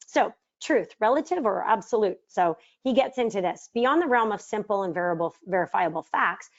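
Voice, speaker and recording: Middle-aged woman, casual teaching talk, rhetorical questions, slightly dull lo-fi audio. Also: mid-range voice. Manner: conversational, asks the audience rhetorical questions, acts out quoted arguments. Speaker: mindset trainer leading a book study course.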